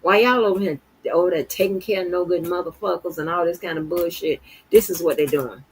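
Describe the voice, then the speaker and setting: This middle-aged Florida woman comments on news for her stream, talking fast and cursing nonstop in her exasperation, veering between quiet grumbles and loud eruptions. The recording is rough, with slight background noise.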